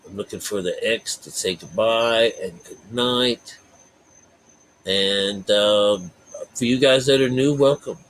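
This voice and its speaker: A man's voice: on the low side, slow pace, fairly bright tone, slight background noise, poor audio. A man giving a rambling, folksy spiritual talk to his viewers, full of fillers and asides. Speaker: spiritual vlogger.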